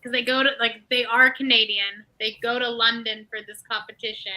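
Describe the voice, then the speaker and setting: A woman's voice: fairly high pitch, fairly even intonation, fairly quick, bright, forceful tone, low-quality recording. A young woman in a casual video call chat with friends, laid-back and wry.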